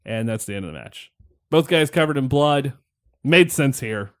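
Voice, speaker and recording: A podcast host rambles through a wrestling match recap in casual chat, his medium-pitched voice expressive and his pace moderate. He's wry and laughing, dropping the odd swear along the way.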